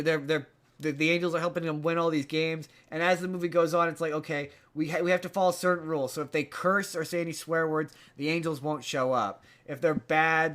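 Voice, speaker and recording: A man's voice: a little high, a bit bright. A man hosting a podcast, recapping a movie in casual chat, rambling with many restarts and repeated words. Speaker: podcast host.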